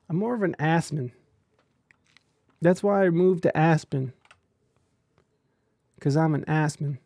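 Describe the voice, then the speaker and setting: Casting: male podcast host, gravelly, slightly high voice, dry close mic, loose rambling delivery. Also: slow pace, pauses often, dark tone, no room sound. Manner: rambling, stumbling restarts, crude jokes. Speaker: podcast host reading chat. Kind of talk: casual crude commentary.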